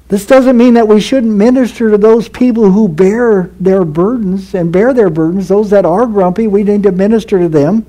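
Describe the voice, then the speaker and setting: Slow, mellow-voiced male preacher. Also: sits high, rough recording. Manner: earnest, measured preaching with repeated phrases. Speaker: pastor. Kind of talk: sermon.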